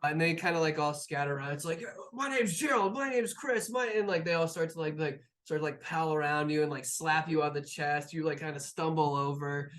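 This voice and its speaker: A man runs a tabletop game, narrating in a loose, rambling style packed with fillers. His voice sits a bit high for a man. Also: little pitch movement, brisk, few pauses, a bit bright. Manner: rambling, filler-heavy, casual. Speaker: game master.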